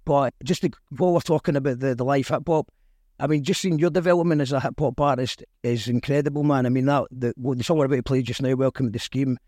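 A man's voice: mid-range voice, steady tone, fast talker, darkish tone, dry recording, clean studio sound. Chatty Scottish man hosting a chat show. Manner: chatty, reads viewer comments aloud. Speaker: podcast host. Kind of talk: casual interview chat.

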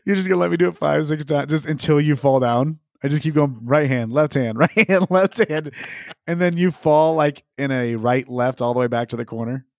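A man's voice: fairly high pitch, normal speed, creaky, darkish tone, dry recording, clean studio sound. A man co-hosting a podcast in casual chat, rambling and joking with plenty of swearing. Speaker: podcast co-host.

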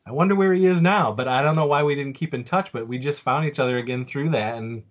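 Telling a story fast on a casual podcast, a man in his forties rambles with many fillers and restarts. His voice is mid-range, and the audio is dull.

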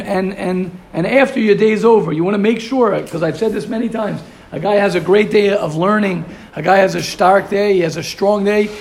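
A man's voice: sits high, gravelly, darkish tone. A man teaching a Torah class, asking rhetorical questions and mixing in Hebrew and Yiddish terms. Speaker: yeshiva teacher.

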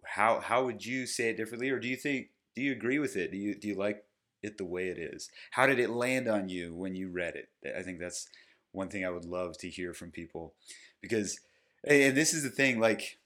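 A man's voice: fairly low pitch, brisk, fairly bright tone. A man hosting a solo podcast about his own book, talking casually and thinking aloud with frequent restarts. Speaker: podcast host and author.

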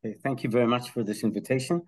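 A man's voice: mid-range voice, fairly even intonation, rapid-fire. A man from Israel, a health psychology professor, explaining his research as a podcast guest with enthusiasm, analogies and frequent hesitations. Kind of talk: conversational explanation.

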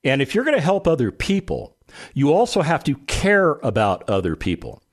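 A man hosting a real estate radio show, telling a story in an animated way and acting out the quotes. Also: fairly high pitch, moderate pace. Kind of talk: talk radio monologue.

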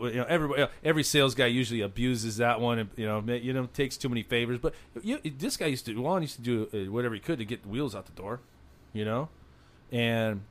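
A man chatting as a guest, telling lively workplace stories and acting out what people said, with many restarts. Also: mid-range voice. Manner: animated, acts out quoted dialogue, many restarts. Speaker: guest, former wheel salesman. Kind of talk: casual storytelling chat.

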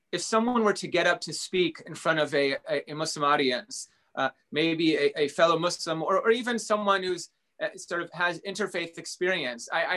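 A man who gives interfaith talks, explaining in a thoughtful conversational way and pausing to find his words. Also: fairly high pitch, pushed and bright. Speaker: interfaith speaker.

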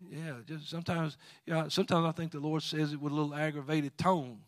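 Emphatic preacher man, fairly high voice. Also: flat delivery, quick pace, no echo, studio quality. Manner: emphatic, swings from loud exhortation to quiet asides, quotes scripture. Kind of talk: sermon.

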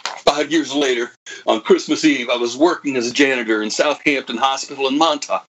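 A man's voice: medium pitch, a little fast, fairly bright tone, slight background noise, natural voice. An actor playing a bitter old man who was once a computer prodigy, delivering a dramatic monologue that swings from wry to anguished. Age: older.

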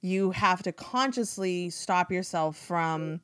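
A woman's voice: on the low side, takes it slowly, a bit bright, clear, resonant tone, no room sound, studio quality. A woman interviewing a guest, asking questions and reflecting back what she hears in an affirming way. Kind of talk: casual interview talk.

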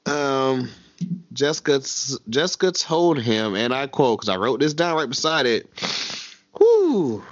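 A man co-hosting a podcast in a loose, animated way, stammering, restarting and swearing as he recaps a show. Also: medium pitch, normal speed, dry recording, lo-fi sound. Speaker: podcast co-host. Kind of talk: casual chat recapping a TV show.

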